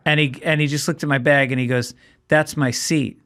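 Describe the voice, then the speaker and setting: A middle-aged man, a comedian guest, telling an animated story and acting out both sides of the dialogue. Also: medium pitch, quick pace. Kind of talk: casual chat.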